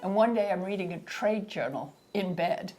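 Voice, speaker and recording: Woman from Scotland, wry, lively storyteller. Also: medium pitch, normal speed, over loud music. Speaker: interviewee. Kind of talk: humorous storytelling.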